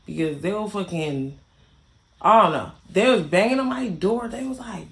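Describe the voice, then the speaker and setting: A woman's voice: mid-range voice, expressive, moderate pace, fairly bright tone. A young woman telling a storytime in a casual, irritated rant, blunt and heavily profane, repeating phrases for emphasis.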